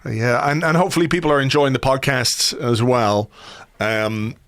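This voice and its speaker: A man's voice: mid-range voice, steady tone, moderate pace, a bit bright, no echo. A man hosting a podcast in casual chat, rambling with fillers and restarts, a little hungover. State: slightly hungover. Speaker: podcast host.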